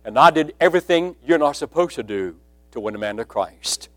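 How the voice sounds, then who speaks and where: A man preaching a sermon, telling a personal testimony and building from quiet storytelling to loud emphasis. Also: fairly high pitch, animated, a little fast, no echo, soft background music.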